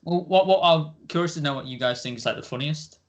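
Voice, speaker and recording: Teasing young man, slightly high voice. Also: fast talker. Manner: teasing, rambling with many fillers. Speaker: podcast co-host. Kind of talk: casual chat.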